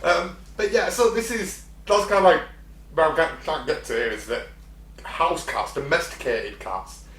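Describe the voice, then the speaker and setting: A man's voice: on the high side, normal speed, fairly bright tone. A man co-hosting a casual podcast chat, swearing, laughing and acting out animal voices. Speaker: podcast co-host. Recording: echoey room with faint hum.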